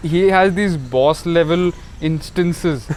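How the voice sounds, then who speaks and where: A man's voice: a little high, slow pace, a little mellow, slight background noise. A young man from India co-hosting a casual comedy podcast, swearing freely and laughing as he tells stories. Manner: profane, laughing, storytelling. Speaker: podcast co-host.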